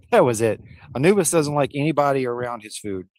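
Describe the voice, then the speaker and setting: A man's voice: mid-range voice, animated, brisk, darkish tone, dry recording. Folksy man streaming outdoors. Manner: rambling, folksy, addresses viewers as y'all. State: a little out of breath. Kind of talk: casual live-stream chat. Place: outdoors by a smoker.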